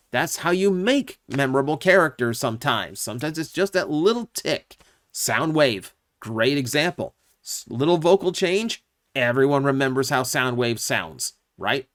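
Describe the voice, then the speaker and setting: A man's voice: on the high side, dry recording, clean studio sound. A man hosting his own channel, giving casual, opinionated commentary with lots of asides and fillers. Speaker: YouTube channel host.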